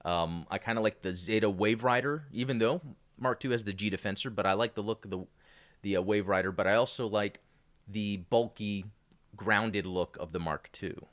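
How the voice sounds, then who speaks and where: A man's voice: lowish voice, normal speed, fairly bright tone. A man hosting a casual live-streamed podcast, rambling with many fillers and restarts. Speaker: podcast host.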